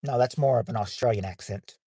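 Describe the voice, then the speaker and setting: A man's voice: medium pitch, moderate pace, no echo. Rambling man hosting a livestream game night. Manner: rambling, reads out viewers' names and answers. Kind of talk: casual livestream chat. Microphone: phone.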